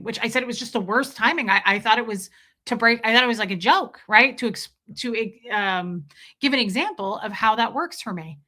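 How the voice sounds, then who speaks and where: A woman's voice: on the high side, normal speed, bright, forceful tone. A young woman hosting a livestream, chatting casually with her viewers, telling stories and swearing freely. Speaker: livestream host.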